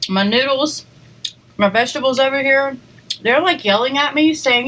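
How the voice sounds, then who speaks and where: A woman's voice: sits high, normal speed, a bit bright, rough recording. A woman hosting a casual eating video, chatting to viewers between bites with lots of "like" and "um" and small giggles. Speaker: eating show host. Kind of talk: casual mukbang chat to viewers.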